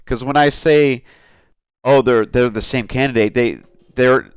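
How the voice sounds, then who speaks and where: A man's voice: mid-range voice, measured pace, smooth, no echo, muffled recording. A man hosting a casual commentary vlog, talking in a rambling, earnest way and often calling his viewers "guys.". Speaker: channel host.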